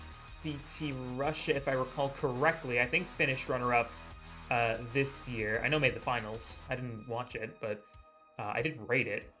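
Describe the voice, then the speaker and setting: A man's voice: medium pitch, sharp tone. A man commentating a live esports match, introducing the players with a joking, self-deprecating manner and announcer-style hype.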